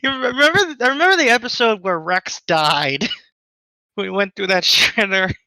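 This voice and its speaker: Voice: medium pitch, expressive, moderate pace, bright, forceful tone, no room sound, poor audio. A podcast co-host in casual chat, rambling with lots of "like" and restarts.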